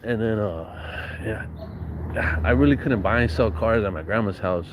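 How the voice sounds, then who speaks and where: A man with a lowish voice tells a loose, rambling story. His talk is full of street slang and swearing, and he often restarts a thought midway. The delivery stays relaxed and conversational throughout. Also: unhurried, noisy background. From San Bernardino, Southern California. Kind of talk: casual storytelling.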